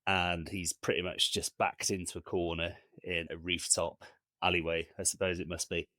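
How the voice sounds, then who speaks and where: Panelist, man, very deep voice, dry close mic, chatty scene-by-scene storyteller. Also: little pitch movement, moderate pace, sharp tone, no echo. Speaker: podcast co-host. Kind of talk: casual film-review chat.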